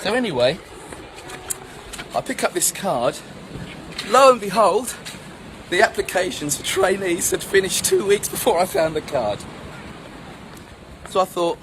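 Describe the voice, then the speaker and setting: A man's voice: high voice, a little slow, long pauses. A middle-aged man tells a personal story outdoors, acting out the voices of the people in it. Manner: animated storyteller who acts out the voices of people in his story. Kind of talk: storytelling monologue. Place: outdoors at sunrise. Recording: outdoor noise with passing traffic. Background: street and traffic noise.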